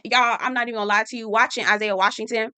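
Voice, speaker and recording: A woman chatting through a casual TV episode recap, animated and slangy with sassy asides. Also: fairly high pitch, very fast, smooth, no room sound. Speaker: TV recap host.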